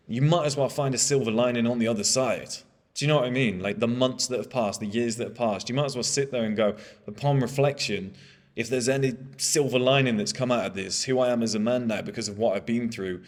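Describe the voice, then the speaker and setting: Blunt motivational speaker: man, 30s, mid-pitched, candid and profane, recorded in a reverberant room. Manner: candid and blunt, swears freely. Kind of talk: motivational monologue.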